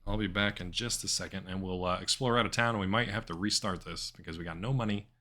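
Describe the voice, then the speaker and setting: A man's voice: low-pitched, fast. A man streaming an adventure game live, chatting wryly and reading the game's text aloud. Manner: wry, chatty, animated asides.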